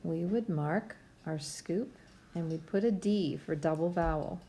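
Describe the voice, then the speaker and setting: A woman's voice: fairly low pitch, dark tone, slight background noise. A woman teacher giving a patient, step-by-step phonics lesson to young students from home. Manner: slow, patient, step-by-step instruction.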